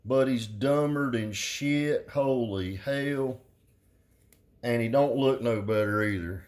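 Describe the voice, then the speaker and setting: A middle-aged man with a drawl talks in a loose, rambling rant. He is blunt and profane and full of slang. His voice sits at an ordinary, mid-range pitch. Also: slow pace, darkish tone. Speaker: car audio vlogger.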